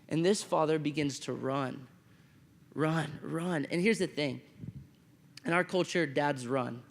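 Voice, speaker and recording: A man with a fairly high voice preaches in a school chapel, his words ringing through a long reverberant hall. He tells a story with animated swings, acting out quoted lines and checking in with the room. His delivery rises to loud emphasis and drops to soft near-whispers. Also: slow pace, creaky, long pauses. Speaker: chapel speaker. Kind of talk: youth chapel sermon.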